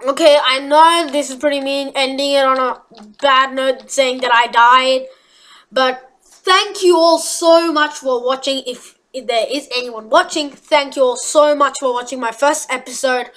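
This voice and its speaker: High-voiced chatty woman gaming. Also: a little slow, rough recording. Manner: chatty, rambling, excitable outbursts. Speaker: gaming YouTuber. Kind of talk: gameplay commentary.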